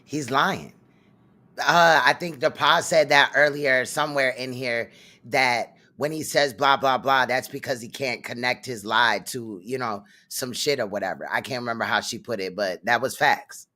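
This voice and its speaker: Bright-voiced man with mocking asides. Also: medium pitch, moderate pace. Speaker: livestream co-host. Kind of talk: casual reaction commentary.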